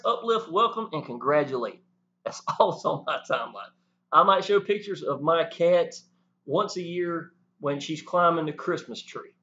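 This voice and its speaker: A man talking to the camera, animated and preachy, often saying "y'all". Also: mid-range voice. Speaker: network marketing promoter. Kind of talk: casual talk to camera. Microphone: camera mic. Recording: dull lo-fi sound.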